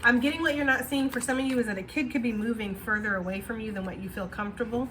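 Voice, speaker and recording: A woman reads tarot cards in a loose, rambling way and addresses her viewers directly. Her voice sits a little high and sounds bright and forceful. A faint hiss runs underneath. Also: fast talker. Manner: chatty, rambling, talks straight to viewers. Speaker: tarot reader. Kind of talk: casual tarot reading to camera.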